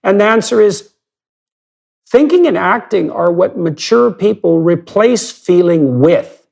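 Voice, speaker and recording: A man's voice: high-pitched, animated, unhurried, vocal fry, a little mellow. A man hosting a long-form podcast conversation, talking emphatically and building his argument step by step with rhetorical questions. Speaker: podcast host.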